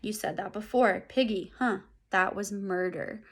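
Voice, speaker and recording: A woman voicing a shaken boy who speaks slowly and gravely while reading aloud from a novel. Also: medium pitch. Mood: grim. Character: shaken boy facing a grim truth.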